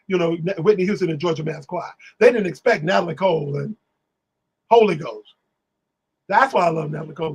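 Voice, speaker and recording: An animated man tells stories on a live stream, sometimes singing and sometimes playing the people he quotes. His voice sits high and has a husky edge. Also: rough recording. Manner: animated, exclamatory, sings lyrics and acts out voices. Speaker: guest. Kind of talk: casual storytelling on a live stream.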